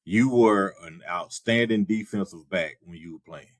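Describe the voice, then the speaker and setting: A man co-hosting a sports podcast in casual chat, measured and dryly sarcastic. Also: low-pitched, no room sound, clean studio sound. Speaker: podcast co-host.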